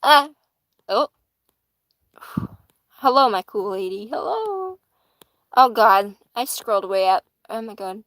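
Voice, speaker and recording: A woman's voice: medium pitch, normal speed, few pauses, a bit bright, no room sound, rough recording. A woman giving casual live-stream tarot readings in a chatty manner, swearing casually and laughing easily. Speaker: tarot reader.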